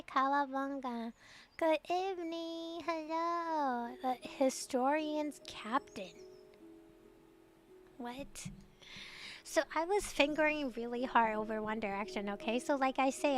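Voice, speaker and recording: Young girl streamer, high voice, rambly, says like a lot, giggles, quiet music in the back. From Taiwan. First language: Mandarin. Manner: rambling and chatty, full of "like" and giggles. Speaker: VTuber streamer. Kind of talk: casual late-night stream chat.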